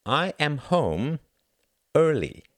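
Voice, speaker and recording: A man reading plays a cool grown son who speaks in short, pointed lines. The voice sits a little above the reader's deep tone, with lively rises, dry and close. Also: extremely slow, no echo, exaggerated voice. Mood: guarded. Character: cool, guarded adult son, curt and pointed.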